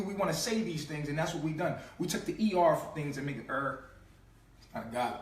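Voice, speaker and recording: A man's voice: fairly high pitch, animated, a little fast. A man giving an impassioned spiritual teaching in slangy street talk, emphatic, repeating and stretching sounds to make his point. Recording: echoey room, mic at a distance.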